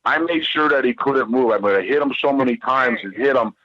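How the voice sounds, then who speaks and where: A man's voice: medium pitch, fairly quick, muffled recording. A man who is a guest on a podcast, telling a rambling, heated, profane story and repeating himself as he goes.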